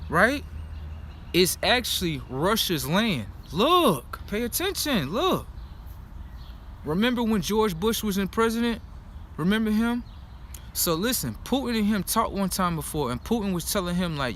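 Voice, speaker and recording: A man's voice: sits high, big pitch swings, a little slow, a bit bright, a little hiss or hum. A man in a casual monologue rant, insistent, repeatedly saying look and pay attention.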